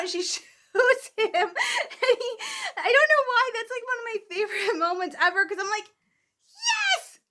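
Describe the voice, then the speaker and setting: A young woman vlogging to camera, ranting in an emotional, animated, rambling way as a fan. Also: sits high. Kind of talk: casual chat to camera.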